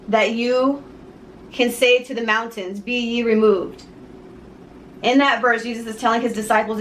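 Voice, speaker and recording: A woman earnestly telling a personal faith story to the camera, halting and pausing often. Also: on the high side, a bit bright, slight background noise, low-quality recording. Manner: earnest, halting, with many pauses. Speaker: jewelry maker sharing a personal story.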